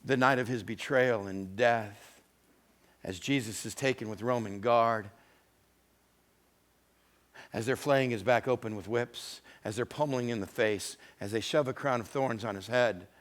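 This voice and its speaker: A male pastor delivering a sermon, retelling scripture stories with acted-out voices, moving between hushed, intimate moments and loud, emphatic ones. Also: mid-range voice, a little slow. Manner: dramatic storytelling, acting out voices of scripture figures.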